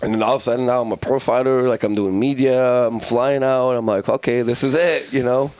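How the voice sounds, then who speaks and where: A French fighter in his thirties is a podcast guest, casually telling fight stories with plenty of swearing. His mid-range voice moves a little fast with a clean tone, and his storytelling is profane and animated.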